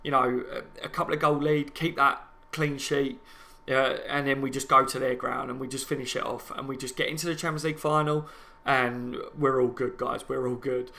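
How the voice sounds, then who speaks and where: A man's voice: medium pitch, steady tone, normal speed, bright, forceful tone. A man with a Liverpool accent hosting a fan live stream, chatting passionately to viewers about an upcoming match and reading out their comments. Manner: passionate, chatty, talks to viewers as "guys" and "lads".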